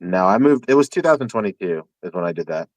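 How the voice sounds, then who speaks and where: A man co-hosting a casual podcast, teasing the others and quick to laugh. His pitch swings widely as he talks. The recording is close and dry. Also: lively intonation, no room sound. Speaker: podcast co-host. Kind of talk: casual chat.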